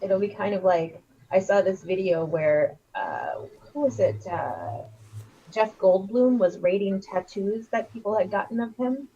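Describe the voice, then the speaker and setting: A woman's voice: medium pitch, sing-song, measured pace, mellow, slight background noise. A woman co-hosting a casual livestream chat, rambling and giggly as she riffs on ideas. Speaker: co-host. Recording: dull lo-fi stream audio.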